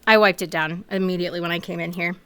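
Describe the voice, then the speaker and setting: A woman streaming a role-play game in a VR headset, teary and sniffling, murmuring quietly as she chats between scenes. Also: on the low side, steady tone, quick pace. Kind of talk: casual chat between scenes. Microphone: VR headset mic.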